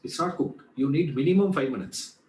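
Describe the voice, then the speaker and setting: A man's voice: fairly high pitch, brisk, a little mellow, reverberant, slight background noise, low-quality recording. A man teaching a Vedanta class in a chatty way, asking rhetorical questions and answering them. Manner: conversational, repeats "you know", asks rhetorical questions and answers them. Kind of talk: spoken class lecture.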